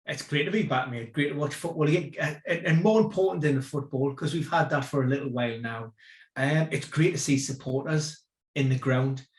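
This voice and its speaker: A man co-hosting a football podcast, relaxed and rambling with lots of fillers. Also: a little high, a little fast, roomy sound. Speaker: podcast co-host. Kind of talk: casual football podcast chat.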